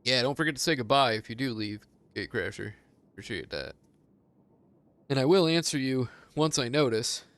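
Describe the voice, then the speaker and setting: A man streams a game and chats loosely with his viewers, wandering from story to story. He swears freely and laughs often. His voice is smooth and clear, at an ordinary middle pitch. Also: expressive, moderate pace, a bit bright, no echo. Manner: rambling, profane, laughs often. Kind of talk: casual gaming stream chat.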